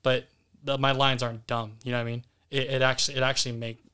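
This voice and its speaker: A man's voice: medium pitch, level tone, fast talker, bright, forceful tone, clean tone. A man as guest actor on a podcast, talking candidly and casually, with some swearing.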